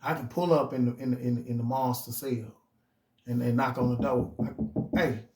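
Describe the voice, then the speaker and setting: A man's voice: mid-range voice, level tone, a little fast, darkish tone. A middle-aged man telling his own story in casual, emphatic street slang, often restarting his phrases. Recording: roomy echo.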